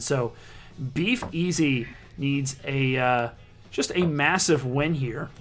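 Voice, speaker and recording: A man with a bright, forceful, fairly high voice calls a live online darts league broadcast. He banters casually, cracks jokes, and stops to fix his own slips as he reads through players and stats. Soft music plays faintly underneath. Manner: casual, joking, often corrects himself mid-sentence.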